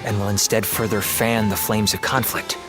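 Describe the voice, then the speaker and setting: A courteous, scheming court strategist in a game, as a man plays him, making a polite and persuasive case. His voice sits a little low. Loud game music plays behind him. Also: level tone, normal speed, close to an everyday voice. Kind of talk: game voice acting.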